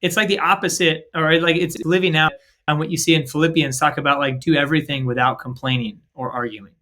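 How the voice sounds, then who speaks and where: Bright, energetic man co-hosting a podcast. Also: a little high, a little fast. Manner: energetic, upbeat, often acts out quoted dialogue; lots of filler 'like' and 'right?'. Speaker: podcast co-host. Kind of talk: casual faith-based leadership podcast talk.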